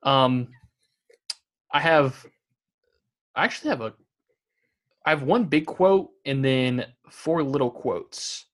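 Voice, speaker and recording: A man's voice: mid-range voice, lively intonation, takes it slowly, pauses often. A man co-hosting a podcast, chatting casually and reading out funny quotes from a show with a laugh. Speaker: podcast co-host. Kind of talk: casual chat.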